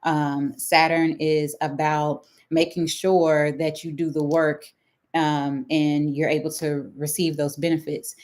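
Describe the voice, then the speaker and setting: Low-voiced Texan woman, chatty astrologer. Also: little pitch movement, slow, darkish tone. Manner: chatty, checks in with "right?" and "okay?". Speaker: astrologer hosting a live stream. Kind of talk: casual live-stream teaching.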